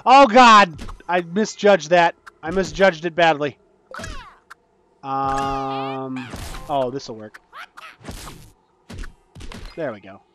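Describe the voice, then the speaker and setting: A man casually commenting on his own gameplay, swinging between low muttering and frantic panicked outbursts. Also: steady tone, drawn-out words, pauses often, a little hiss or hum. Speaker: gaming channel host.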